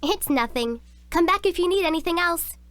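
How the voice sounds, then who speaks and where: A woman voicing a bright, science-savvy teenage schoolgirl in a video game, expressive and sincere. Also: very high-pitched, normal speed, a little hiss or hum. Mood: helpful.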